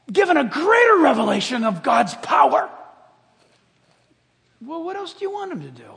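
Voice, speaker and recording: A man preaching a sermon as a pastor, playful and animated, dropping to hushed asides and rising to shouts. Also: extremely high pitch, creaky. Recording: long hall reverb.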